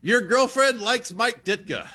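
A man delivering quick comedy jokes as a radio guest, laughing at his own punchlines. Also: extremely high pitch, animated, bright, forceful tone. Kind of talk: stand-up style joke delivery.

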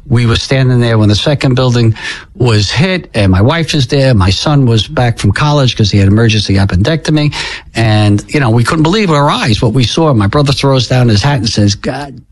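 An older American man telling a painful family story in an interview, halting and repeating words, his voice climbing when moved. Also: mid-range voice, expressive, low-quality recording. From United States. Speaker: interview guest.

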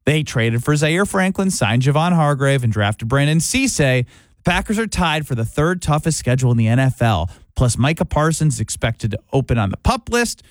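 A man's voice: medium pitch, very animated, normal speed, no room sound. A man hosting sports radio, talking in a loose, rambling way with lots of fillers. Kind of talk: casual sports talk.

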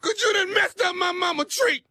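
A man voicing a furious grown man who shouts and sobs in slang over his mother's broken tree during a prank phone call. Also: extremely high pitch, fairly quick, no echo, pitched above the performer's own voice, full character voice. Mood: tearful ranting. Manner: shouting, sobbing, streetwise slang.

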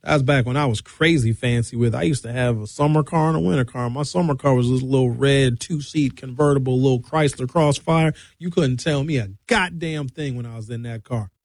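This radio host talks briskly with hardly any pauses, recorded in clean studio sound with no room noise. His monologue is a loose string of funny stories, delivered with big swings in pitch.

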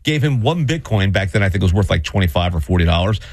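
Husky, jokey male radio co-host. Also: deep voice, expressive, fast talker, a little mellow, dry recording, clean studio sound. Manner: playful, jokey, breaks into laughs. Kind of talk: casual morning-show banter.

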